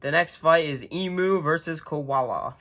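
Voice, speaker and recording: A man's voice: a little high, measured pace, fairly bright tone. A man hosting a video, reading a children's book aloud in a casual way, often tripping over words and chuckling as he goes, recorded on a phone.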